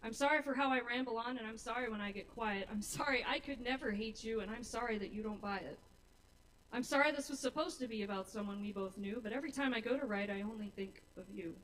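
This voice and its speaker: This open mic poet's voice sits on the high side, quick and slightly bright, as she delivers her rhymed spoken-word pieces from a small bar stage with nervous earnestness. Standing back from the stage mic, she comes across a little distant, and a faint hiss of room noise runs beneath the live recording.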